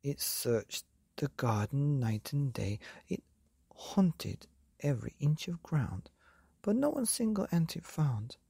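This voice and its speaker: A woman reading a rhyming story aloud at bedtime, soft and half-whispered. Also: sits low, big pitch swings, slow pace, gravelly, breathy edge, no echo, studio quality. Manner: soft, half-whispered, sing-song rhyme.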